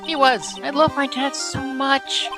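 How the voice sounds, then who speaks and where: A woman's voice: high-pitched, flat delivery, unhurried, voice pushed up. A woman voicing a naive, sheltered young circus girl with a dreamy, innocent delivery, over game music.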